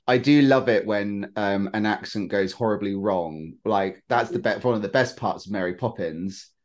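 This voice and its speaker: Podcast co-host, male, lowish voice, chatty and rambling, easy laughs. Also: moderate pace. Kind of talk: casual chat.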